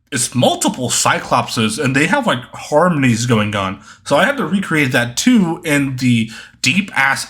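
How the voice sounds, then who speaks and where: A man's voice: medium pitch, pushed and bright. Rambling young man answering fan questions. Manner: rambling, with frequent ums and self-corrections. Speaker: YouTube creator answering viewer questions. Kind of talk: casual Q&A monologue.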